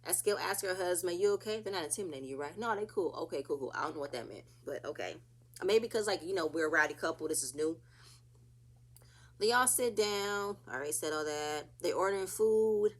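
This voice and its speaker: A woman's voice: on the low side, a little fast. A woman casually recapping a reality TV episode, chatty and opinionated, acting out what the cast said.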